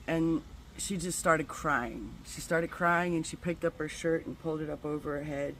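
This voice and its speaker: A woman's voice: deep voice, steady tone, normal speed, a bit bright, a little hiss or hum, poor audio. A middle-aged woman vlogging, telling a personal story candidly, with casual swearing and spiritual talk. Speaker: wellness vlogger.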